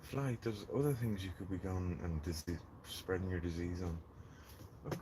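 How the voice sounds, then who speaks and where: A man's voice: sits low, animated, moderate pace, background noise. A man chatting casually on a gardening live stream, rambling and joking with viewers from his greenhouse. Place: in a greenhouse in the rain.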